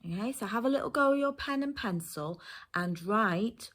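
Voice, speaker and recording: A woman teacher from England giving a phonics lesson to young children and their parents, sounding out letters slowly and carefully. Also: mid-range voice. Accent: English. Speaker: primary school teacher.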